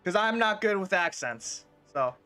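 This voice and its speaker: A man's voice: sits high, expressive, unhurried, pushed and bright, clear, resonant tone, faint music behind. Rambling young-sounding gamer man. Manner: rambling with fillers and restarts. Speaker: gaming video creator. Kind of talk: casual let's play commentary.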